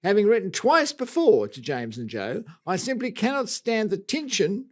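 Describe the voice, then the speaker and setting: A man's voice: high-pitched, sing-song, normal speed, voice pushed up. A man reading aloud in a put-on Australian accent, voicing a fussy male listener writing in with complaints. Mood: mock-indignant. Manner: theatrical reading, mock-indignant.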